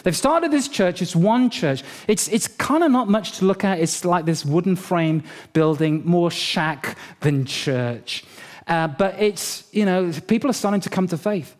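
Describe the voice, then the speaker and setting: A middle-aged man preaching a sermon as pastor, telling a story in a lively, humorous way. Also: sits high, unhurried.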